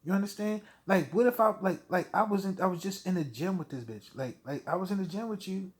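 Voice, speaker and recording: Higher-pitched man ranting bluntly. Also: fairly quick. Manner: blunt, heated, swearing, with short laughs. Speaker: vlogger. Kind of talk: profane personal rant to camera.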